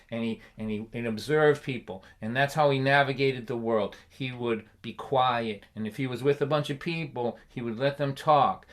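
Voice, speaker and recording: A man in his sixties with a Boston accent telling comic stories on a livestream, animated and punchy, laughing at his own lines. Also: medium pitch. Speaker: folk singer and storyteller.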